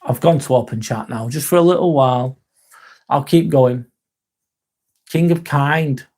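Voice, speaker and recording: An English man hosting a live stream in a casual, rambling chat, reading out and answering viewer comments with a halting, sincere manner. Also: mid-range voice, dark tone. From England. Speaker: livestream host.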